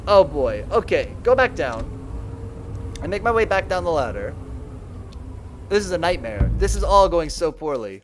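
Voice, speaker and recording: A man playing a game live and commenting in an excitable, self-mocking way. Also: on the high side, moderate pace, pauses often, a little hiss or hum. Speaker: streamer.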